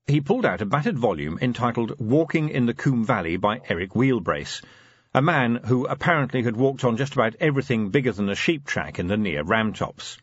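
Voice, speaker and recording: A man narrating an audiobook in a dry, measured storytelling manner. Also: mid-range voice, husky, dry recording. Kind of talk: scripted narration. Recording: slightly dull, muffled audio.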